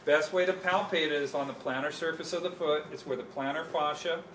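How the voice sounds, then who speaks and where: A man's voice: fairly high pitch, steady tone, brisk. A male instructor demonstrating anatomy hands-on to a class, explaining step by step and correcting himself mid-sentence. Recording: echoey classroom from far off, faint noise.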